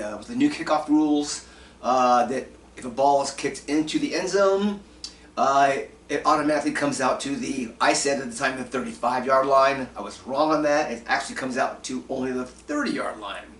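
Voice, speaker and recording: A man's voice: mid-range voice, fairly bright tone. A man hosting a casual solo sports talk show, rambling and self-mocking with lots of ums and uhs, speaking. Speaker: podcast host. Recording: roomy echo, mic at a distance.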